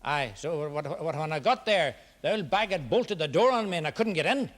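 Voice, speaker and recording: An actor playing a folksy, rambling Irish man giving evidence in a courtroom drama, talking in halting, run-on stretches. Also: fairly high pitch, animated, fairly bright tone. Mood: chatty. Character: rambling Irish male witness, petty fraudster. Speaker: witness.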